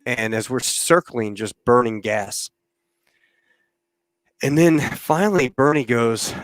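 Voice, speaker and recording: Laid-back former pilot spinning yarns. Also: male voice, mid-range voice, expressive, slow pace, long pauses, no room sound. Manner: laughs often, swears, rambling anecdotal delivery. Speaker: podcast host and former military pilot. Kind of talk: casual storytelling.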